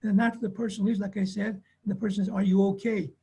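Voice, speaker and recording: A man's voice: high voice, flat delivery, rapid-fire, dark tone, slightly rough. A man who works as a family therapist, giving an earnest webinar talk and telling personal stories, with lots of repetition. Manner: earnest, repetitive, acts out quoted voices.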